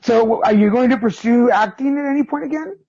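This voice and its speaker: A male podcast host chatting casually with a guest, loose and full of ums and easy laughter. His voice sits in the middle range with a slightly husky edge. The recording is dull and lo-fi. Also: very high-pitched, fairly quick. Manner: relaxed, filler-heavy, laughing. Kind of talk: casual interview. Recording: dull lo-fi sound.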